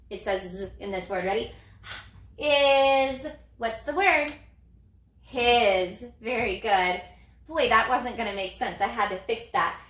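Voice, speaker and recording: A woman teaching young children a phonics lesson in a slow, sing-song teacher voice with lively prompts. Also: medium pitch, roomy sound. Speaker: elementary reading teacher.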